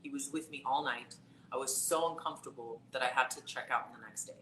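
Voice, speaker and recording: Her voice is a rumbling low with a fairly bright tone, and she talks briskly. She's a psychic tarot reader sharing a personal anecdote on a relaxed live stream, chatty and full of fillers, recorded with roomy echo and faint background noise.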